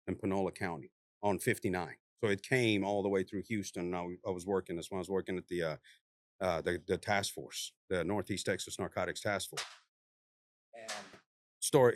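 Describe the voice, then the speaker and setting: Animated former cop telling stories. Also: male voice, deep voice, dry recording, studio quality. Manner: animated, laughing, swears freely. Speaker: former narcotics task force officer. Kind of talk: casual storytelling.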